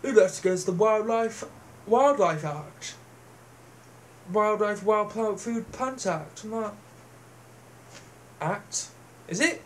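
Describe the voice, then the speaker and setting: A man's voice: sits high, expressive, slow, pauses often, a little hiss or hum. A man ranting to camera in a sweary, sneering, mocking manner. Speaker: vlogger. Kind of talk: profane rant to camera.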